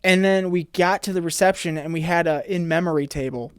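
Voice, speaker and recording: A man's voice: on the high side, steady tone, brisk, clean tone, no echo, clean studio sound. A man co-hosting a podcast, telling stories in a laid-back, casual way and swearing freely. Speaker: podcast co-host. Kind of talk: casual chat.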